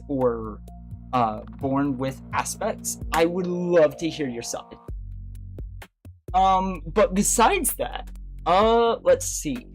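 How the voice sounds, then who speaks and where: Rambling livestream host over faint music. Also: medium pitch. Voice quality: rambling, laughs often, many fillers and restarts. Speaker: livestream host talking to chat. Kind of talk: casual chat.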